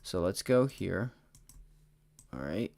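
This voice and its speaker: A tired, excitable man hosting a livestream, talking casually through stock charts and addressing his chat. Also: low-pitched, slow pace, creaky. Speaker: stock trading livestream host. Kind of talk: casual live chart commentary.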